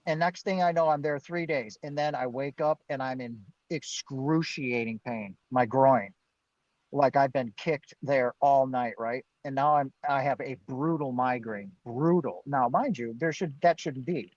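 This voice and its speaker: Medium-pitched and unhurried, this man's voice comes through a dry recording. As a guest on a live Q&A he animatedly recounts his own experiences, voicing what he and other people said and laughing occasionally, over dull, lo-fi stream sound.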